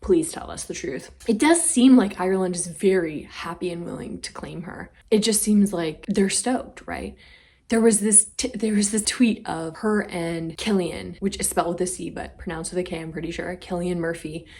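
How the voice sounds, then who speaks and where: A woman's voice: fairly low pitch, normal speed, mellow. A woman hosting a casual commentary vlog, chatty and playfully dramatic. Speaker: vlog host.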